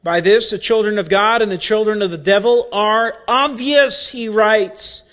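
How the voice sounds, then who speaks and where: A man preaching a sermon speaks slowly and deliberately in a fairly high, fairly bright voice. He keeps repeating key words to hammer his point home.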